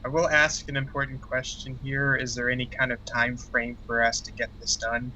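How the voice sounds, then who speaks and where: Man, tabletop player, very flat delivery, sharp bright tone, dull recording. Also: mid-range voice, moderate pace, slight background noise. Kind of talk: casual table talk.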